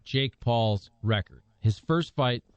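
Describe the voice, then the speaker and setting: Wry sports radio host. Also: male voice, mid-range voice, slow pace, dry recording, dull audio. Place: radio studio.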